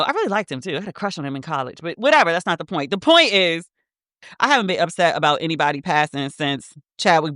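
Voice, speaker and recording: Woman podcast host, thirties, emotional and animated casual monologue, bright tone, dry close sound. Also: deep voice, dry recording. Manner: emotional, animated storytelling with many "like" fillers.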